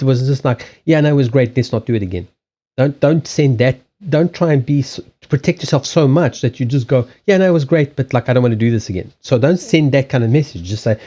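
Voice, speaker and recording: A man hosting a casual livestream chat, blunt and animated, swearing freely and acting out quoted lines. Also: medium pitch, highs cut off. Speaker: livestream host.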